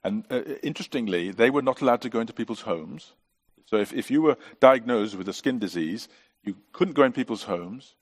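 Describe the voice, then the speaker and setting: A man's voice: mid-range voice, expressive, fairly quick. A middle-aged man preaching a sermon as pastor, earnest and full of rhetorical questions.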